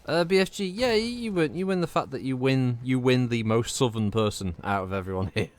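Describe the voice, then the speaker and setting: Brisk and expressive, this medium-pitched man streams a game and commentates casually. He comes from Northwest England, has the accent of that region, and his banter rambles and is full of swearing.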